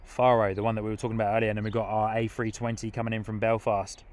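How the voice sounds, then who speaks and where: A man's voice: fairly low pitch, level tone, racing, a little mellow. A young man casually hosting a live stream outdoors at an airport, reading viewer comments aloud and laughing often. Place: outdoors at an airport viewing spot.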